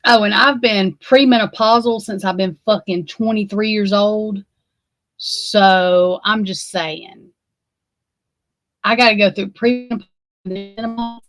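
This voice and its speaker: A woman's voice: mid-range voice, steady tone, slow, fairly bright tone, dry recording, low-quality recording. A woman, chatting casually with her livestream viewers in a rambling, profane and emphatic way. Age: 40s. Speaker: livestream host.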